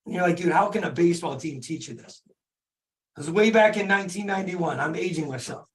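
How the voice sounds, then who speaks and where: A hoarse man in his forties from Michigan, a podcast host giving a fervent, repetitive motivational talk in casual slang. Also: high voice, lively intonation, fairly quick. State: hoarse from laryngitis. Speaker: podcast host, dentist and business owner. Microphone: speaking to an online call audience.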